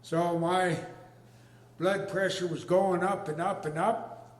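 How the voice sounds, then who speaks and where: An older man telling a comic story on stage in a folksy, deadpan drawl. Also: sits high, slow. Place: arts venue stage with a live audience. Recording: echoey hall with long reverb.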